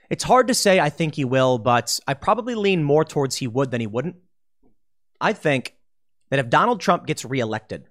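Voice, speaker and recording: Animated male commentator, slightly high voice, swinging pitch, mocking asides. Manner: animated, slips into mocking voices for quoted people. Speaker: political commentator. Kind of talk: solo political commentary.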